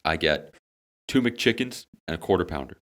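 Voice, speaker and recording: Deep-voiced young man telling a story. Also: normal speed. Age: young adult. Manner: animated, swearing, dramatic comic storytelling. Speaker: podcast co-host. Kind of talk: casual storytelling among friends.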